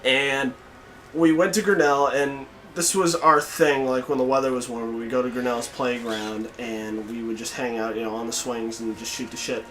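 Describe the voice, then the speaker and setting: A young man hosting a podcast, telling a story in casual chat, swearing freely and shouting out the quoted lines. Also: medium pitch, level tone, normal speed, a little hiss or hum. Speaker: podcast host.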